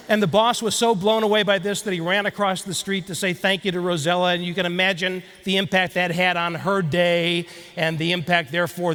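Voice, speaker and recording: A man with a high voice gives a lively keynote talk, telling a story and turning to the crowd with questions. His voice rings with the long reverb of a large hall. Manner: storytelling, animated, addresses audience directly. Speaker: keynote speaker. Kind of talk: motivational speech.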